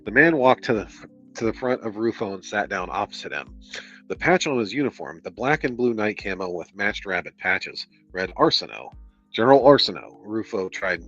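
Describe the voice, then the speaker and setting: A man's voice: on the low side, sharp tone, lo-fi sound. A man reading a book aloud on stream, breaking off into sarcastic, exasperated commentary full of swearing.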